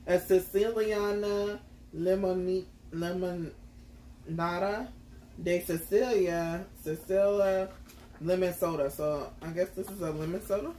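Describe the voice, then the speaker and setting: A man's voice: sits high, fairly even intonation, slow, dark tone. A man co-hosting a snack-tasting video, joking and reading labels aloud in a casual chat. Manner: teasing, reads labels aloud. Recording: faint room noise.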